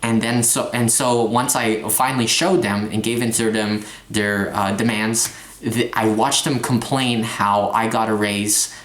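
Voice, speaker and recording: A young man in a confessional vlog rant, talking in halting bursts with stumbling restarts and frequent swearing. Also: lowish voice, steady tone, a bit bright, reverberant. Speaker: vlogger. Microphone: phone.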